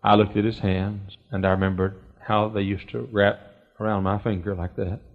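A preacher with a gravelly, creaky voice delivers a folksy storytelling sermon that swells into loud, soaring exclamations. The recording is muffled and lo-fi, with a long reverb from a church sanctuary. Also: male voice, flat delivery. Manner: folksy anecdotes that build to loud, high, drawn-out exclamations.

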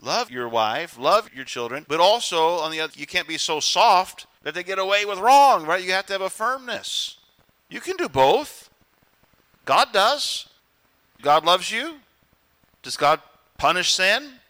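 A man preaching to his congregation with a bright, slightly high voice. He moves between firm teaching and playful acted-out quotes, keeping the delivery lively. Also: unhurried. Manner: animated preaching, acts out quotes. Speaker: pastor. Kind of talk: sermon.

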